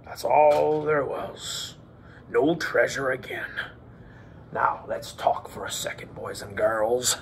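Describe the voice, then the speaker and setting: A male teacher running a playful lesson for children, cracking pirate jokes and slipping into a gruff pirate voice. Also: medium pitch, takes it slowly, a little hiss or hum. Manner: hammy, joking, slips into a gruff pirate voice.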